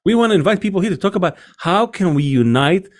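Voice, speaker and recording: A male podcast host talks in a slightly high voice, building his points step by step and circling back as he thinks. His tone stays conversational and discursive. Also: lively intonation, quick pace. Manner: discursive, reasoning aloud. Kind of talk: casual podcast chat.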